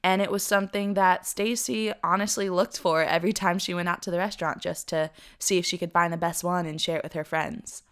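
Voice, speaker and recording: A young woman co-hosting a podcast, telling a story in a chatty, animated way with frequent laughs. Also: lowish voice, brisk, hardly any pauses, smooth. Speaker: podcast co-host. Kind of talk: casual storytelling chat.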